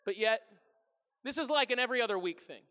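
A man in his thirties, a pastor telling funny stories about his family in a sermon, animated and self-deprecating, acting out his household's voices. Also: very high voice, fast, big-room sound. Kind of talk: humorous sermon storytelling. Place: large church hall before a congregation.

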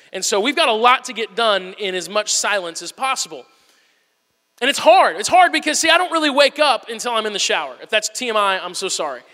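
With a forceful, very high and bright delivery, a pastor in his thirties preaches and performs his stories at speed. He plays out a whisper-yell as part of the storytelling, and a large hall gives his voice a long, ringing echo.

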